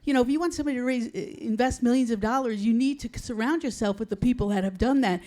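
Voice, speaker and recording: A woman investor speaks up from the conference audience in an emphatic, enthusiastic way. Her voice is a little high, and she pushes her points with energy. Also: fast, dark tone.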